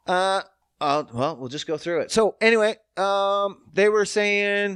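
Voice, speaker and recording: A man's voice: high voice, a little slow, a bit bright, smooth, no echo. A man hosting a podcast, ranting in a casual, profane and sarcastic monologue on a close mic. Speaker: podcast host.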